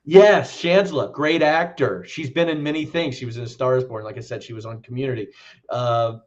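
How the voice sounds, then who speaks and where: A man's voice: medium pitch, brisk, muffled recording. A man co-hosting a podcast, chatting casually about a film in a loose, rambling way and swearing freely. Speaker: podcast co-host.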